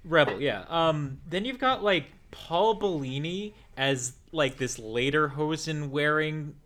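A man's voice: fairly high pitch, takes it slowly, fairly bright tone. A man co-hosting a podcast, talking in a loose, rambling way full of fillers. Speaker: podcast co-host. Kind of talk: casual chat.

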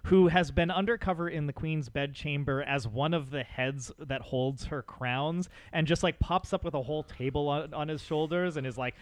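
A man with a slightly high voice walks through his favourite moments of an episode in easy podcast chat. He is eager and often laughs between points. The sound is dry and close, with no room around it. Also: normal speed, hardly any pauses, dry recording. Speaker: podcast co-host. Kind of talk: casual chat recapping an episode.

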